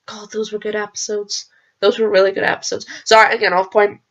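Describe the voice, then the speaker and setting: A hoarse woman rambling excitedly in a casual reaction vlog, swearing freely and going off on tangents. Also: medium pitch, brisk, lo-fi sound. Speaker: video creator reacting to a TV episode.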